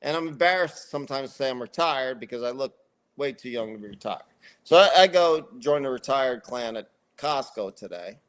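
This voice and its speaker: A middle-aged man telling a story in casual podcast chat, ranting and swearing a lot in an animated way. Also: medium pitch, normal speed. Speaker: podcast co-host.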